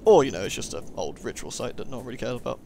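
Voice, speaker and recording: A man's voice: medium pitch, sing-song, rapid-fire, creaky, mellow, a little hiss or hum. A man giving casual let's-play commentary, chatty and self-mocking as he thinks aloud.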